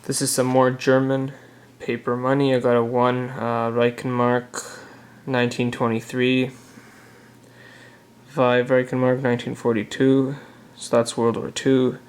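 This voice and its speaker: A young man talking casually through his banknote collection for a vlog, relaxed and halting, pausing with "uh" as he reads dates off the notes. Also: mid-range voice. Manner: relaxed, halting, many "uh" pauses while reading notes. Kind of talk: casual show-and-tell vlog.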